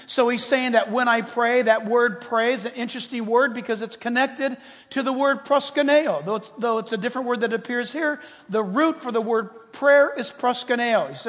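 A man preaching a sermon as a pastor, animated and conversational, acting out quoted prayers and joking with the congregation. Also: very high voice, normal speed, long reverb tail.

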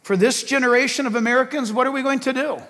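A man's voice: extremely high pitch, fast talker, fairly bright tone. A man preaching a fervent political sermon, emphatic and full of rhetorical questions, in a large hall or church.

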